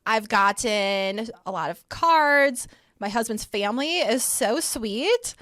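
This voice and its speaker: A young woman co-hosting a podcast in easy, rambling conversation, leaning on "like" between thoughts. Her voice sits slightly high, and the sound is close and dry with no room around it. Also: animated, slow pace, a bit bright, no echo. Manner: chatty, heavy use of "like". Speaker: podcast co-host. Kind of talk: casual chat.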